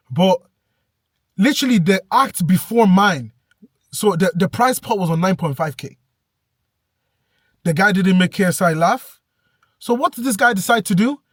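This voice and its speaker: A young man telling an animated, breathless story in a vlog rant, bursting into shouts now and then. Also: high-pitched, dry recording, studio quality. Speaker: vlogger.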